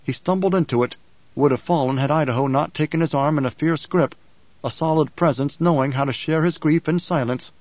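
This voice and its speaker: Solemn, measured male audiobook narrator. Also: fairly high pitch, darkish tone, no room sound, lo-fi sound. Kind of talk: scripted narration.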